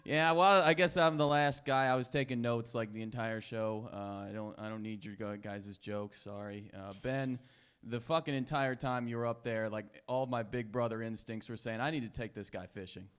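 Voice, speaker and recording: A male comedian picks apart the other comics on the bill, his clear, resonant voice sliding from muttered asides into abrupt yells. His pitch is ordinary for a man. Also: steady tone, normal speed. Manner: mumbled asides, sudden loud bursts. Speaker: stand-up comedian. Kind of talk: roasting fellow comics. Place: comedy club stage.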